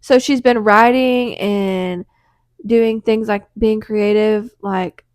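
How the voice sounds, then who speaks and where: Slow-talking woman podcast co-host. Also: mid-range voice, no room sound, clean studio sound. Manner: relaxed, supportive with frequent backchannel. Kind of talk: casual chat.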